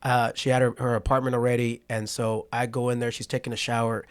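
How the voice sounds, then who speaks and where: Speaking fast in a clean, medium-pitched voice, this podcast guest from Patterson, California, is a man in his forties. He tells a story in a relaxed interview, animatedly acting out quotes and repeatedly asking "right?"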